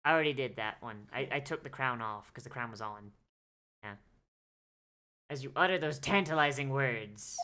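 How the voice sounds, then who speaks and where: Low-voiced joking woman game streamer. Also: animated, moderate pace, long pauses, pushed and bright. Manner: joking, swearing, voices lines playfully. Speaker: VTuber streamer. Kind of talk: casual game stream, reading game dialogue aloud. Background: game music.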